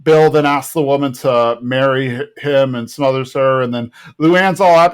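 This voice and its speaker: A man's voice: medium pitch, moderate pace, few pauses, clear, resonant tone. A man co-hosting a podcast, casually retelling a cartoon episode in a rambling way and quoting the characters' lines. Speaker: podcast co-host. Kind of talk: casual recap chat.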